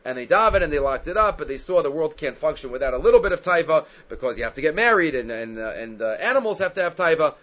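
A man's voice: on the high side, expressive, fast talker, hardly any pauses, a bit bright. A man teaching a Talmud class, reading Aramaic passages and explaining them in English with rhetorical questions. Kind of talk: Talmud lecture. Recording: dull lo-fi recording.

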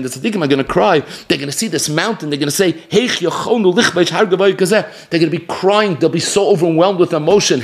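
Guy teaching a talmud class, kinda high voice, quotes then explains quick and punchy.

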